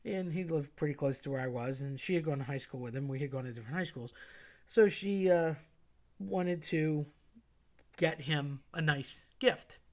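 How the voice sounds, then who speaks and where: A woman's voice: low voice, moderate pace. A woman telling a personal story in a chatty, rambling way with many fillers. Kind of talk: casual spoken storytelling.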